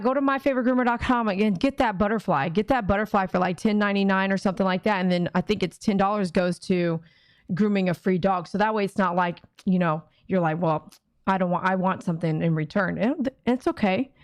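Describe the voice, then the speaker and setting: A woman pet groomer hosting a live fundraiser stream, chatty and excitable, gushing thanks to donors. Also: mid-range voice, a little fast, dry recording, studio quality. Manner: excitable, gushing thanks, sings repeated thank-you chants.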